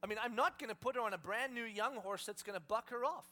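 A man's voice: very high-pitched, fast talker, bright, forceful tone. A male pastor preaching a sermon to a congregation, telling stories with humor and animation.

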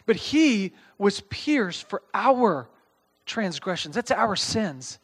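A man's voice: high-pitched, big pitch swings, slow, breathy edge. A man preaching a conversational sermon. He reads scripture aloud, explains it in plain words and keeps checking in with listeners by asking "okay?". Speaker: pastor.

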